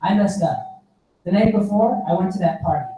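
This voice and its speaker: A man's voice: sits high, normal speed, warm tone, close to an everyday voice. A man voicing a despairing teenage student. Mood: self-blaming. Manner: pleading, despairing. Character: distraught teenage student, self-blaming. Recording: echoey hall, distant mic.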